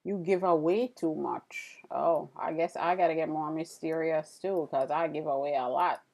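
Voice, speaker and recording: A woman's voice: low voice, steady tone, moderate pace, creaky, a little mellow. A woman hosting a casual live stream, chatting with viewers and laughing often while she works. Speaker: livestream host.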